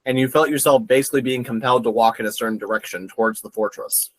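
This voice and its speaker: A man's voice: mid-range voice, fairly even intonation, quick pace, rough recording. A man running a tabletop game as game master over a voice call, patient but exasperated as he explains things.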